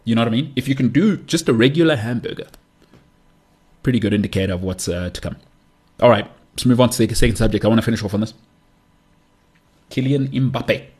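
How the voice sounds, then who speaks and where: With a mid-range, husky, a little mellow voice, this South African podcast host talks fairly quickly but leaves long pauses. His solo show is a rant full of strong opinions and repeated punchlines.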